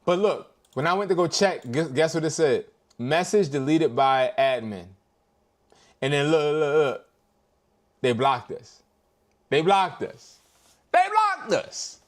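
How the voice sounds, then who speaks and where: A man's voice: a little high, measured pace, long pauses. A man hosting a live stream as a reseller, talking in a casual, slangy and exasperated way.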